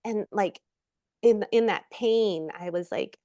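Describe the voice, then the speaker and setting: A middle-aged American actress, a guest in a casual interview, telling lively stories, acting out quoted voices and laughing often. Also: female voice, mid-range voice, takes it slowly, no room sound, muffled recording. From United States.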